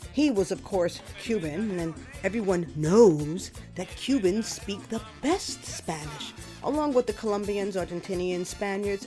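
A woman hosting a radio show, reading her own humorous memoir story with a sarcastic, lively delivery. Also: mid-range voice. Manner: lively, sarcastic storytelling with animated quoted voices.

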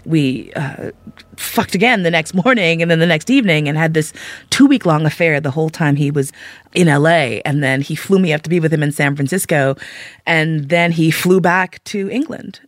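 A woman's voice: low voice, moderate pace, no room sound. A woman telling a frank, candid personal story as a monologue, acting out her own thoughts in quoted asides.

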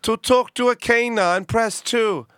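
High-pitched automated phone line voice, slow and stiff, a man doing it as a prank. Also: a bit bright, clear, resonant tone, no room sound, studio quality. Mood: robotic. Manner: stiff, slow, sing-song recorded-message delivery. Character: robotic automated phone service voice, male.

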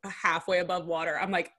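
A young woman with a Southern US accent, co-hosting a podcast in casual chat from her bedroom, playful and quick to laugh. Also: on the low side. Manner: laughs often, playful and chatty. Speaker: podcast co-host.

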